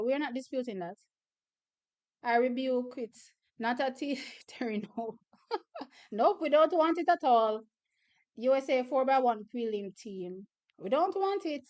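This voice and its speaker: A young woman hosting a casual livestream, animated storyteller who laughs often. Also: a little high. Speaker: livestream host.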